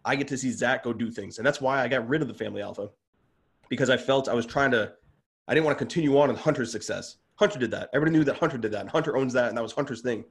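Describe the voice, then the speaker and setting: A man as a podcast guest in a casual interview, speaking earnestly and heartfelt, excitable and open. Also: mid-range voice, rapid-fire.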